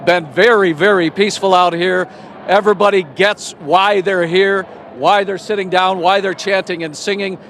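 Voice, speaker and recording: A man giving a calm, measured live TV news report outdoors at a street protest. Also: sits high, slight background noise. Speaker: field reporter. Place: outdoors at a street protest in front of City Hall.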